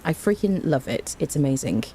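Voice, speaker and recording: A woman's voice: low voice, lively intonation, a little fast, mellow, slight background noise. A woman streaming a game, chatting casually and greeting her viewers by name, laughing often. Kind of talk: casual livestream chat.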